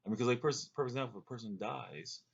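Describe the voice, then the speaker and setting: A man's voice: mid-range voice, quick pace, gravelly, husky, highs cut off. A man telling a long, rambling story to camera in a casual way, with fillers and restarts. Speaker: vlogger recounting a dream.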